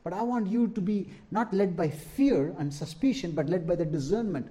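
A man's voice: high voice, moderate pace, warm tone. A middle-aged man, preaching a sermon as pastor, stressing and repeating key lines and asking the congregation for an "Amen?".

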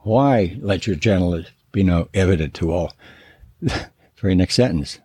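A man's voice: sits low, moderate pace, darkish tone, slightly rough, no echo, clean studio sound. A man, a biblical counselor, giving an earnest, emphatic teaching talk that stresses and repeats key words. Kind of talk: teaching sermon.

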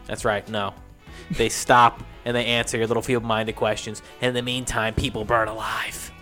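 Guy playing a frazzled sleepless coach, lecturing and defensive, bright voice. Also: on the low side, level tone, moderate pace, soft background music. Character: sleepless frantic male coach obsessed with his writing.

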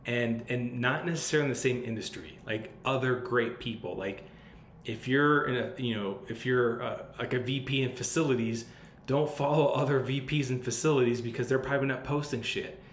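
A man hosts a podcast, handing out advice in a loose, blunt, swear-heavy way. His voice sits at a middling pitch. The room around him rings a little, with a faint hiss in the background. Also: fairly quick. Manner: blunt and profane, loose and conversational. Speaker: podcast host. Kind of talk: casual advice monologue. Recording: roomy sound with faint background noise.

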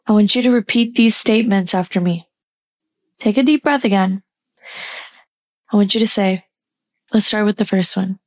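A woman hosting a self-care podcast, guiding listeners through affirmations in a warm, encouraging, casual way. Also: medium pitch. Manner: slow deliberate pacing on repeated affirmations. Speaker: podcast host.

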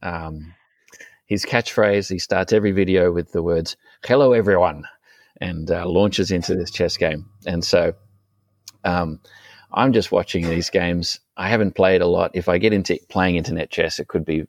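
A man's voice: low-pitched, fairly even intonation, moderate pace, no room sound. A man co-hosting a podcast, chatting casually and thoughtfully, rambling with frequent ums and uhs. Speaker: podcast co-host. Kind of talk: casual chat.

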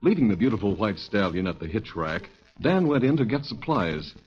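A man narrating a 1940s radio drama in a measured, even storytelling voice. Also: fairly low pitch. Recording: old lo-fi radio recording.

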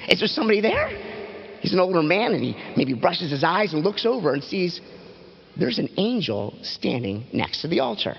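A man with a high, lively voice tells a Bible story to children as a pastor, swooping between excited peaks and hushed low lines. The sound is dull and carries a long reverb from a church hall. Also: breathy edge. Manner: dramatic, animated storytelling with big pitch swings. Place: church platform.

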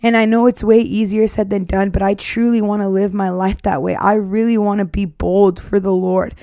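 A woman's voice: medium pitch, flat delivery, moderate pace, dark tone, no echo, studio quality. A woman in her twenties hosting a podcast, talking earnestly and from the heart about her faith, rambling with many fillers. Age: 20s. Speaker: podcast host. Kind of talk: casual faith testimony.

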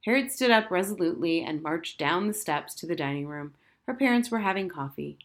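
Audiobook narrator, woman, fairly low voice, steady expressive reading. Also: a little fast. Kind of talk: scripted narration.

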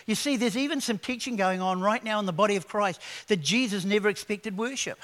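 Guy preaching a sermon, kinda high voice, lively and chatty, tells stories. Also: fairly quick, hardly any pauses. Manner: animated preaching with acted quotes; conversational storytelling. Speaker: pastor.

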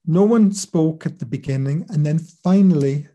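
Dark-toned man explaining mediumship. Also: fairly high pitch, normal speed. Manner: earnest, explanatory, drops soft when quoting others. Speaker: spirit medium and teacher. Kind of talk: conversational interview storytelling.

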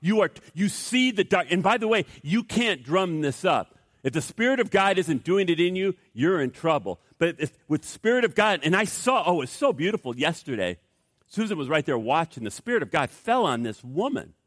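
A man's voice: high-pitched, very animated, normal speed, no echo, studio quality. A male pastor preaching a sermon, telling stories animatedly with stammering restarts.

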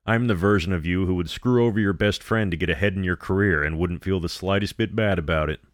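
A cruel young woman who is the heroine's evil double gloats and sneers in a deep, low register, as a male narrator puts her on. The delivery is dry and close, with no room sound around it. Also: quick pace, dry recording, close to an everyday voice. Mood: contemptuous. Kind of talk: horror story reading.

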